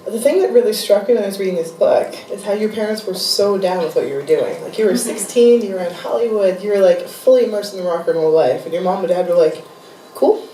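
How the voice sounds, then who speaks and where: A woman interviewing a guest onstage, asking warm, admiring questions. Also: mid-range voice, fast talker, few pauses, a little hiss or hum. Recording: echoey room, mic from a distance.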